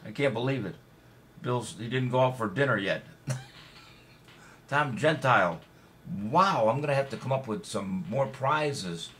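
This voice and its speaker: A man's voice: medium pitch, lively intonation, unhurried, long pauses, a bit bright, a little hiss or hum. Jokey man hosting a trivia stream. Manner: jokey, chatty, reads out viewer names and answers. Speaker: trivia show host. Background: music.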